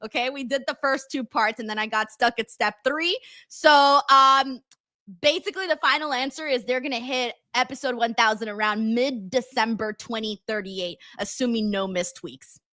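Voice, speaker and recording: A young adult woman co-hosting a casual wrestling review chat, animated and quick to laugh as she recounts crowd reactions. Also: a little high. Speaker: wrestling show co-host.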